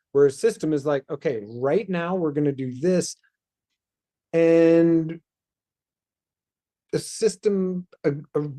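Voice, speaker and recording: A man hosts a spiritual self-help talk in a mellow, warm voice. His delivery is loose and rambling, drifting into soft asides and sighs. His pitch sits in a middle range. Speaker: host.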